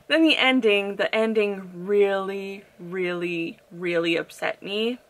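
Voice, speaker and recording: A young woman giving a casual, opinionated book review on her vlog, talking in an animated way with frequent "like" fillers. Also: mid-range voice, takes it slowly. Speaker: book vlogger.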